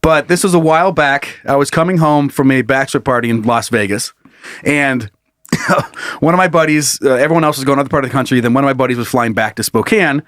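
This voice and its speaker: A man's voice: medium pitch, quick pace, fairly bright tone, no echo, studio quality. A man co-hosting a comedy podcast in casual chat, joking and laughing a lot. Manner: jokey, laughs often, breaks into silly put-on voices. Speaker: podcast co-host.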